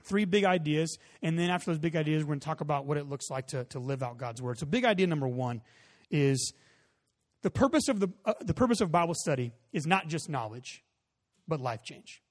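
A man in his thirties preaching a sermon as a pastor, conversational, with rising emphatic peaks and soft drop-offs. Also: on the high side, animated, brisk.

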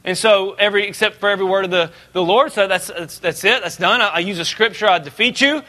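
A man preaching a sermon as a pastor, conversational and joking, rising to animated emphasis. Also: high-pitched, fast.

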